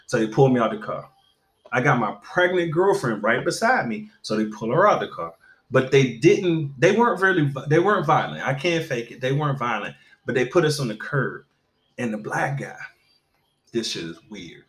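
Man telling a story in casual conversation: animated, profane, stammering restarts, echoey room. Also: mid-range voice, normal speed.

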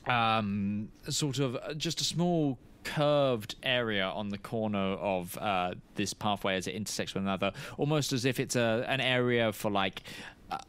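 A man narrating as game master of a tabletop game, pausing often and searching for words. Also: lowish voice, a bit bright, clear, resonant tone. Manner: halting, searching for words with many fillers.

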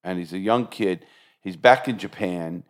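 A man's voice: sits low, moderate pace. An older man hosting a podcast, telling stories in casual chat with a swear here and there. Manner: storytelling, animated, swears casually. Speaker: podcast host.

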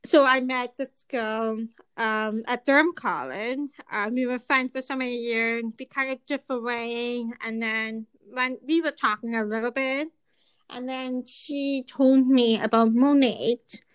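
A woman guest on a podcast, talking in a hesitant way with many pauses and fillers. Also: a little high, steady tone, clear, resonant tone, no room sound, poor audio. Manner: slow, hesitant, many ums. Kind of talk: casual chat.

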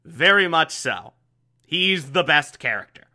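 Slow-talking, bright-voiced young man. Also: on the high side, animated. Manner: enthusiastic, repetitive, filler-heavy. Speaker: TV recap host. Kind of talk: casual episode recap.

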